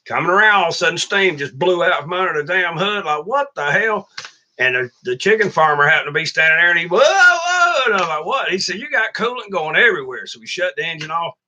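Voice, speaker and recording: A middle-aged man hosts a casual livestream and grumbles through trucking stories. He is blunt and profane. His voice sits a bit high and has a very bright, cutting edge. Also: animated, fast, a little hiss or hum. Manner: blunt, profane, complaining storyteller. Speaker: truck driver and channel host.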